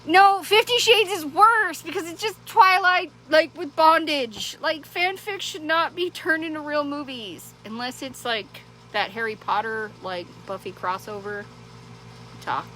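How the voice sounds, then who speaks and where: Chatty, rambling woman with a higher voice. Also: unhurried, bright, forceful tone, rough recording. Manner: rambling, chatty, laughs often, many restarts. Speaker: vlogger. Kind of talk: casual chat to camera. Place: small town in Arizona. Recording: clear background noise.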